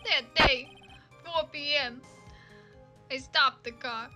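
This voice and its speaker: A woman's voice: high voice, slow, over music. A woman doing a tormented tough guy with a shaky New York accent. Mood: mournful. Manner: crying out in anguish. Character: tough, distraught ex-convict man. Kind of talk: fan voice-over of a game.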